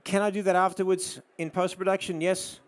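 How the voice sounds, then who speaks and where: Australian male presenter, fairly high voice, live photo demo, drops to soft murmurs when directing the model. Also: little pitch movement, a little fast. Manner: coaxing a model with soft murmured praise between explanations. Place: studio demo before an audience.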